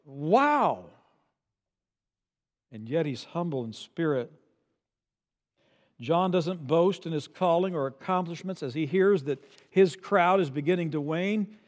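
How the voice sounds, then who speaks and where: A man's voice: expressive, slow, long pauses. Older male pastor preaching in a reverberant hall. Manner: swings from soft low asides to loud emphatic peaks. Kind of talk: sermon. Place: church sanctuary.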